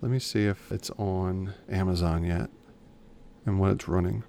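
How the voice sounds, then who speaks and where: A man with a low, gravelly voice talks through a casual podcast chat. He rambles along, restarts his sentences and circles back to his points. It sounds like a relaxed co-host just talking. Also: normal speed, a little hiss or hum. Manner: chatty, rambling, self-correcting.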